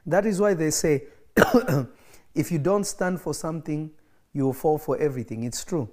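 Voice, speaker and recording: A man's voice: on the high side, moderate pace, a little mellow. Emphatic preacher man, repeating phrases. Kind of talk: livestreamed sermon.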